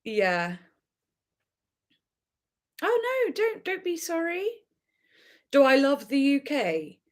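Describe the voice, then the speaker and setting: A young English woman hosting a relaxed livestream, talking in a bubbly, meandering way. She giggles often and peppers her sentences with "like", and her English accent carries hints of her Devon roots. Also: sits high, takes it slowly. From Devon, England. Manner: bubbly, rambling, many "like"s, giggly. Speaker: livestream host. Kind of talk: casual livestream chat.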